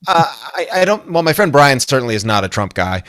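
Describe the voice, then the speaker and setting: A man's voice: medium pitch, very animated, fast talker, fairly bright tone, no echo, clean studio sound. A man being interviewed as a guest musician, chatty and self-amused, laughing often as he talks. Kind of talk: casual interview chat.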